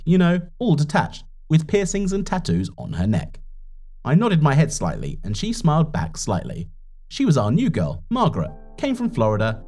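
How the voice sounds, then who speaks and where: Husky male narrator for a first-person cartoon story, mid pitch with wide swings, soft music bed.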